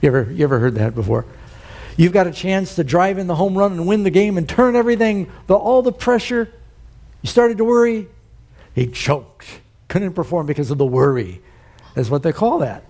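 Male pastor, mellow tone, fairly high voice, folksy sermon storytelling with emphatic peaks. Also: animated, moderate pace.

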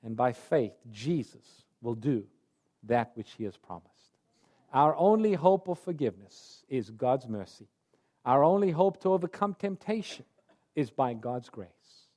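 A man preaching a sermon, telling a story earnestly and moving between loud urgent phrases and soft quiet ones. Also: medium pitch, lively intonation, measured pace.

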